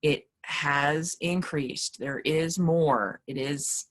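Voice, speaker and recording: A woman with a low voice teaching a relaxed class on poetry. She talks in a loose, rambling way, full of fillers and restarts. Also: extremely slow. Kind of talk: casual lecture.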